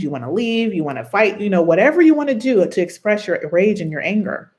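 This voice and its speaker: An earnest self-help host speaks in a mid-range voice that is neither high nor low. The delivery is reflective and conversational, drawing on lived experience and often turning to the listener with a quick check-in. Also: a little mellow. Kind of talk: personal advice talk on abuse and trauma bonds.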